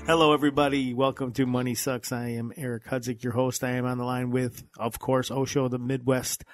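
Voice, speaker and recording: A man's voice: medium pitch, little pitch movement, fairly quick, faint music behind. A man hosting a casual finance podcast, talking in an enthusiastic, rambling way. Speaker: podcast host.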